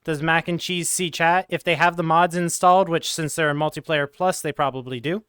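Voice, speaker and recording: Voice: mid-range voice, steady tone, fairly quick, a bit bright, smooth, no room sound, studio quality. A streamer in casual chat, explaining game tech details and reading chat aloud into a headset mic.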